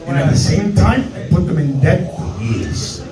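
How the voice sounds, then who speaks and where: A high-voiced man from New York works a comedy club stage with a brash, profane stand-up routine. He is picked up from a distance, so the sound is roomy and echoing. Music plays behind him. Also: sing-song, measured pace. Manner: brash, profane, street slang, puts on voices.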